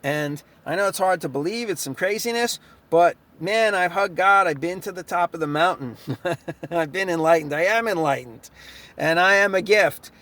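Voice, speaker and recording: A man's voice: high voice, moderate pace, pushed and bright. A young man, a chiropractor, in a profane and sarcastic vlog rant, laughing between his lines. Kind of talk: ranting vlog monologue.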